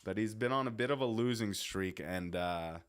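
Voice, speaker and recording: A man's voice: fairly low pitch, moderate pace, clear, resonant tone. A young man live streaming, chatting casually with his viewers in a rambling, swearing way that keeps breaking off. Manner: rambling, swearing, self-interrupting.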